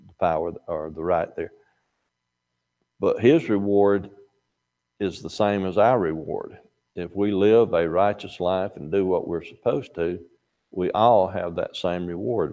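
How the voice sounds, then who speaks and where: Deep-voiced older man teaching Bible class. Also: mellow, lo-fi sound. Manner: folksy, conversational, with restarts. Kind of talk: Sunday school lesson.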